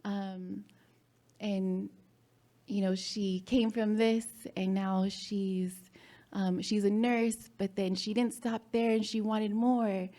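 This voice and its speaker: A woman telling a personal story on stage in a hall before a live audience. She speaks haltingly, with pauses and nervous laughs. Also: mid-range voice, little pitch movement, dark tone.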